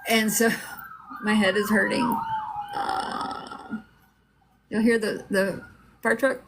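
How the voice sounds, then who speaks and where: A woman's voice: mid-range voice, level tone, unhurried, fairly bright tone, breathy edge. A middle-aged woman telling her own story in a casual, rambling way, with lots of fillers and restarts.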